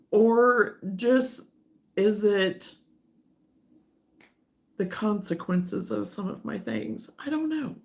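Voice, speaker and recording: Woman doing a chill crochet livestream, slow unhurried talk, kinda exasperated but easygoing with chat. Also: mid-range voice, a little mellow. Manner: exasperated, chatting with viewers.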